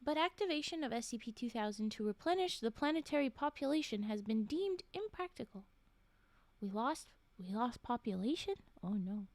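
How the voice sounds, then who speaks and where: Her fairly high, slightly mellow voice has lively intonation and a moderate pace, with no echo. Reading scary stories on a casual stream, the woman keeps breaking off to talk, laugh, whisper asides and answer chat.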